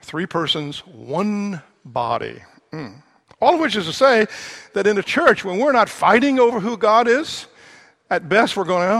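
A pastor delivering a sermon in a relaxed, conversational way, slipping wry humorous asides in among the serious points. His voice sits a touch high for a man, with a gravelly, fry-laced texture running through it.

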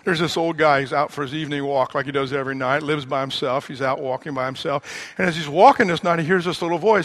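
Gravelly pastor preaching with wry humor. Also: male voice, a little high, fast talker, a bit bright. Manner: conversational, wry humorous asides. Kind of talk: sermon.

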